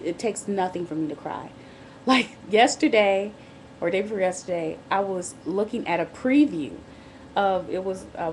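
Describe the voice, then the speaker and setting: A woman chats candidly into her camera mic while on bed rest during pregnancy. Her talk is casual and full of restarts and asides. A faint low hum runs underneath. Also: darkish tone. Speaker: vlogger. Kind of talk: casual pregnancy diary vlog.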